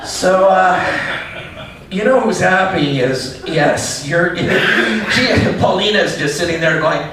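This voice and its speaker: Rambling comedian on stage. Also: male voice, high-pitched, expressive, slow, noisy background. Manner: rambling, self-interrupting delivery. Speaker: stand-up comedian. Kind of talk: live stand-up set. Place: small cafe venue. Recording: echoey room, far mic, audience. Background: laughing audience.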